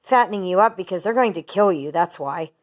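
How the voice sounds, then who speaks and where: A woman's voice: fairly low pitch, lively intonation, a little fast, natural voice. Blunt gloomy old ewe, read by a woman, matter-of-fact, storybook read-aloud.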